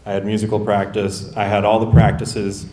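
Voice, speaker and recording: A man speaking at a memorial, talking haltingly with many fillers. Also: on the low side, monotone, a crowd in the background. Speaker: eulogy speaker, nephew. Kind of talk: memorial speech. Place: memorial gathering in a large room. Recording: roomy echo, faint noise.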